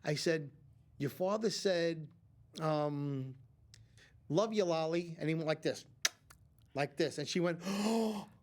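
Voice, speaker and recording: This fairly high-pitched man speaks at a measured pace with long pauses. As a psychic medium interviewed on a community TV studio talk show, he tells lengthy stories that wander, restart many times, and include acted-out quotes.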